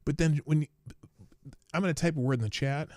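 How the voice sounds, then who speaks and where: A man hosting his own livestream show, rambling casually from a home studio, talking softly and laughing at his own asides. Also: fairly high pitch, fairly quick, no room sound.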